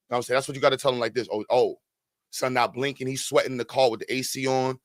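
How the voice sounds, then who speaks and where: A man hosting a comedy talk show, ranting animatedly with sudden loud outbursts. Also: medium pitch, little pitch movement, racing, no room sound. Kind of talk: comedic rant.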